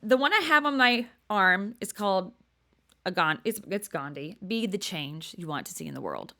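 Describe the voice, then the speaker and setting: An older woman, hosting a podcast and telling stories in a chatty, animated way, laughing often and dropping to a hush for emphasis. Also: mid-range voice, moderate pace. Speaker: podcast host. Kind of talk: casual storytelling monologue.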